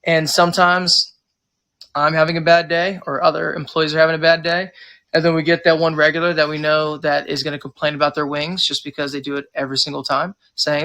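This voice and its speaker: A man's voice: fairly high pitch, brisk. An American man who runs a pub, chatting casually in an interview and rambling through stories while acting out customers' lines. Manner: rambling, animated, acts out customers. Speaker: pub owner and manager.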